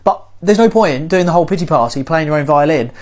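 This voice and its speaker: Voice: medium pitch, lively intonation, fast, darkish tone. A speaker giving an emphatic, lecturing motivational rant to camera, repeating points for effect. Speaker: TikTok commentator.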